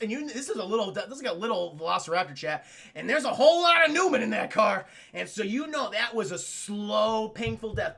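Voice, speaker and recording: A man recapping a film live to his chat, animated and profane. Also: high-pitched, vocal fry. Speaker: streamer and film reviewer.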